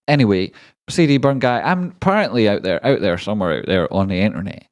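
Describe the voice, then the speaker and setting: A man's voice: lowish voice, lively intonation, fast talker, no echo. A man hosting a live stream, rambling and joking casually with viewers and swearing now and then. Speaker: livestream trading host.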